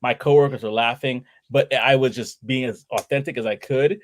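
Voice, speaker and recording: A man's voice: mid-range voice, expressive, fairly quick. A man hosting a casual interview, upbeat and candid, encouraging his listeners. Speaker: host.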